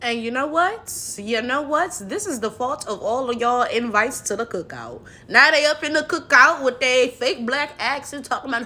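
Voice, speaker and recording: A woman hosting a reaction commentary video, talking in an animated, sassy way with laughing asides. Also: high voice, normal speed, hardly any pauses, a little hiss or hum.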